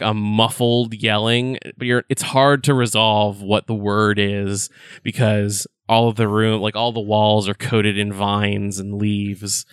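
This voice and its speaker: A man narrating a tabletop game as game master, describing scenes in a halting way with lots of fillers. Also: on the low side, a bit bright, clear, resonant tone, dry recording.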